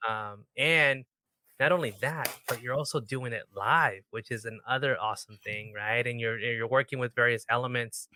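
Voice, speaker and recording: A man hosting a podcast, telling stories in an animated, playful, casual way. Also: medium pitch, normal speed, dry recording. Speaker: podcast host.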